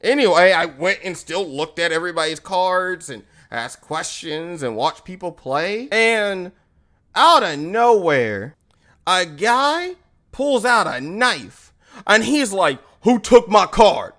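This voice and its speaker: A young man streamer tells a story in a loose, animated way, laughing as he goes. His voice is high and bright, and his pitch swings widely. He keeps it casual and lively throughout. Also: takes it slowly.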